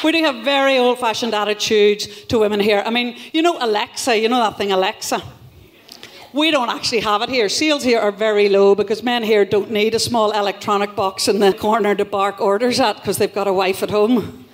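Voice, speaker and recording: A woman's voice: medium pitch, a little fast. A woman from Northern Ireland with a Northern Irish accent, performing a live stand-up comedy set in a wry, self-deprecating, punchy way, swearing freely. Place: live show in a theatre venue.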